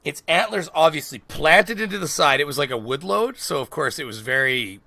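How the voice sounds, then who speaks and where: A man, co-hosting a podcast, telling a story in a lively, swearing, laughing way. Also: fairly high pitch, fairly quick, creaky, no room sound. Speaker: podcast co-host. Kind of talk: casual storytelling chat.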